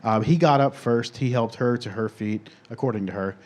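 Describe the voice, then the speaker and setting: A man guesting on a podcast, recounting a crime case in a measured, detailed way. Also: mid-range voice. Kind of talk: casual storytelling.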